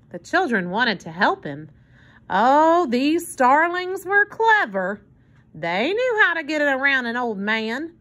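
Bright, lively woman reading a storybook. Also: high voice, takes it slowly. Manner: expressive, storytelling. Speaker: narrator. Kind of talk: reading a children's book aloud.

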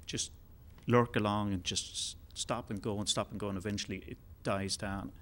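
A man telling a long joke on stage in a relaxed, rambling way, with fillers. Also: lowish voice, normal speed. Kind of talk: told joke, live storytelling. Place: concert hall.

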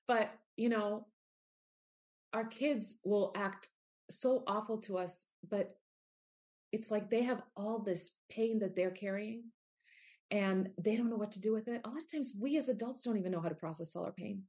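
A woman's voice: medium pitch, moderate pace, a little mellow. A middle-aged woman speaking as a guest in an interview, talking earnestly and from the heart. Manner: earnest, heartfelt, with quoted asides. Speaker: author and guest. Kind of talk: candid interview conversation.

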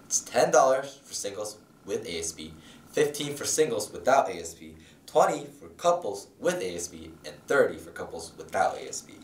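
A man's voice: fairly low pitch, sing-song, moderate pace. Teen guy reading school announcements, upbeat, echoey room, mic kinda far. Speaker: student news anchor.

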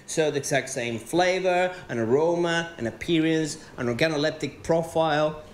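Animated Venezuelan man doing stand-up. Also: on the high side, moderate pace, a little hiss or hum. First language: Spanish. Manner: animated, swearing, rising to exclaim. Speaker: stand-up comedian. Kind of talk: stand-up comedy routine. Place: stage in a comedy venue with live audience. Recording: roomy live venue sound.

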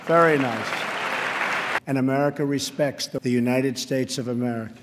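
A man's voice: mid-range voice, steady tone, normal speed, over a noisy crowd, heavy background noise. A man giving emphatic political speech lines, spliced and repeated over a beat. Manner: emphatic, repetitive declarations. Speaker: political speaker. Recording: reverberant hall with music underneath.

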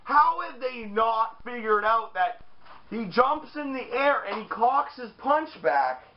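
Loud animated man on a lo-fi recording. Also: very high voice, slow pace. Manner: loud, animated, swears often, shouts in mock voices. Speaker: wrestling show reviewer. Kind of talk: casual profane podcast banter. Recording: dull lo-fi sound.

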